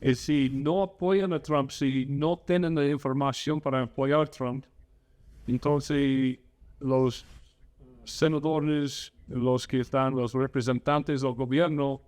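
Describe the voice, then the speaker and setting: A man's voice: medium pitch, steady tone, a little slow, darkish tone, smooth. A man hosting a podcast, talking earnestly and with strong opinions in casual political chat. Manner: earnest and opinionated, switches into Spanish to interview. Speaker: podcast host.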